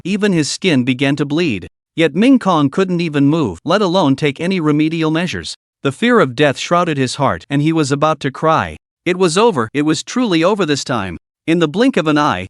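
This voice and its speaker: A man's voice: on the high side, no echo, clean studio sound. A man narrating a dramatic fantasy story recap in a scripted, storytelling manner.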